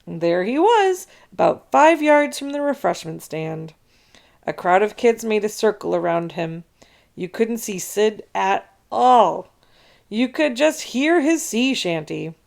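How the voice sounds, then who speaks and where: Woman, children's book read-aloud, expressive narration, animated pitch, gravelly. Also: measured pace. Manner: expressive storytelling.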